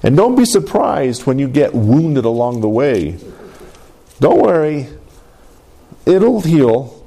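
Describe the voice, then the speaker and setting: A man's voice: mid-range voice, sing-song, takes it slowly, vocal fry, warm tone, husky. A man preaching a sermon in a conversational way, often checking in with his congregation. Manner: conversational, keeps asking the congregation "Amen?". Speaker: pastor.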